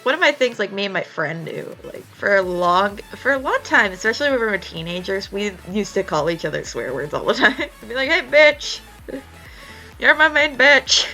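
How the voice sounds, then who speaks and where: A woman's voice: mid-range voice, fairly quick, few pauses, faint music behind, low-quality recording. A young woman chatting casually while she draws on stream, telling stories with lots of swearing. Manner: chatty, swears freely, animated storytelling. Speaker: art streamer. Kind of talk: casual chat while drawing.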